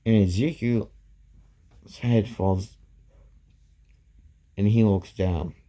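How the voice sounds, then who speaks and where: A man retelling a fan story off the cuff, halting and restarting often. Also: lowish voice, steady tone, warm tone. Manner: halting, many restarts and "goes like".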